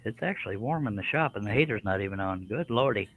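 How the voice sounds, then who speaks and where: A man chatting on a live stream from his workshop, his voice bright and forceful and sitting a touch low. He jokes about himself and reads out viewer comments in a loose, easygoing way. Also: animated, fast talker, a little hiss or hum, poor audio. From Texas. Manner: joking, self-mocking, reads viewer comments aloud. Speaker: woodworking live stream host. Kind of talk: casual live stream chat.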